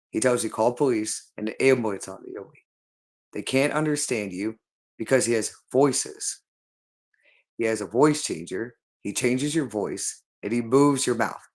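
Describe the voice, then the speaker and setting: Man, middle pitch, rambling monologue, repetitive, insistent, talks straight at the listener.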